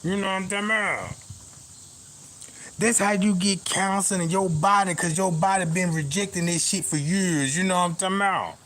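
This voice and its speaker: Animated high-voiced man telling comic stories. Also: normal speed. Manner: animated, profane, repeats "you know what I'm talking about". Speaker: comedian. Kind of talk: stand-up storytelling.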